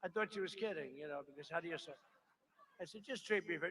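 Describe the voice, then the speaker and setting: Before a big rally crowd, a man with a slightly high voice that sounds pushed and bright talks fast at the podium. His campaign speech is braggy and rambling, studded with repeated tangents, and the live recording is noisy.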